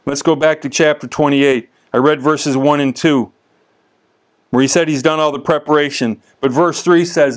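A man teaching the Bible in a casual, conversational way, telling stories with lively asides and frequent restarts. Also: fairly high pitch, moderate pace.

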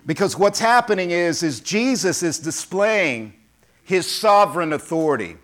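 A man preaching a sermon as pastor, lively and emphatic, acting out quoted voices and calling on the congregation. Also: sits high, moderate pace.

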